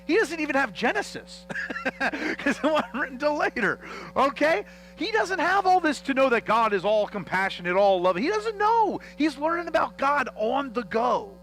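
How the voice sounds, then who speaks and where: A man preaching a teaching sermon as pastor, animated and joking as he acts out the dialogue of a Bible story in church. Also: extremely high pitch, moderate pace, slight background noise, low-quality recording.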